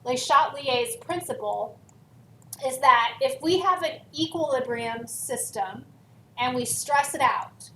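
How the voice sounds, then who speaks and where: A woman's voice: sits high, expressive, measured pace, sharp tone. A woman chemistry teacher giving a recorded lesson, working through a worksheet and stressing key words for emphasis. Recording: echoey room, voice from far off, faint hiss.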